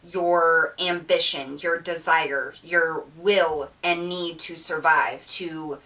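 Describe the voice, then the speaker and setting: A woman's voice: deep voice, fairly even intonation, takes it slowly, bright, forceful tone, distant mic, low-quality recording. A woman giving an earnest, emotional tarot reading, with many fillers and restarts and near tears. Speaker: tarot reader. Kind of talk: spiritual tarot reading monologue.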